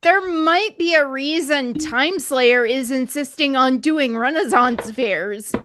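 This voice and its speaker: A woman's voice: high voice, slow, a bit bright. A woman co-hosting a casual livestream, giggly and chiming in. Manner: giggly, interjecting.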